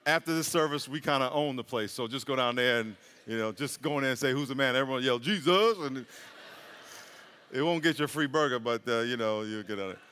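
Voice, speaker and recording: A man's voice: mid-range voice, brisk, bright, forceful tone, smooth, in a large hall. A man preaching a sermon as pastor, chatty and joking, building to emphatic peaks. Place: large church hall.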